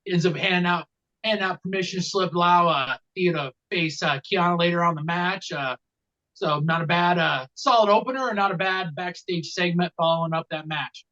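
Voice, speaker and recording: A man co-hosts a wrestling podcast, rambling through a casual, comedic recap full of fillers and dry jokes. He speaks at a moderate pace with a sharp tone, and the dull, low-quality mic shows.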